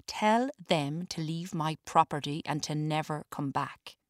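A woman's voice: sits low, unhurried, dry recording, clean studio sound. A woman reading a storybook, voicing a bitter, controlling rich older man who screams and bullies. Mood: curt. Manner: screaming, bullying.

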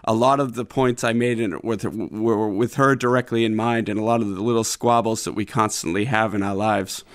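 A man's voice: fairly low pitch, fairly even intonation, brisk. A man in his thirties from Boston with a Boston accent, a law lecturer speaking as an interview guest in a studio, earnest with many fillers. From Boston, USA. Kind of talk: radio interview. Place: remote studio.

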